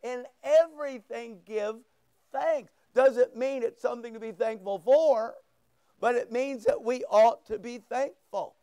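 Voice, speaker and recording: Man, high voice, slow deliberate pace, fervent sermon delivery, clean dry sound. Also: dark tone, clean tone, no echo. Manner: fervent, emphatic preaching with rising bursts. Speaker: pastor.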